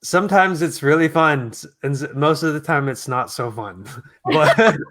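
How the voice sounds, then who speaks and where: A man speaking as a guest in a casual interview, talking in an earnest, reflective, soft-spoken way. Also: on the high side, expressive, moderate pace. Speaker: guest singer.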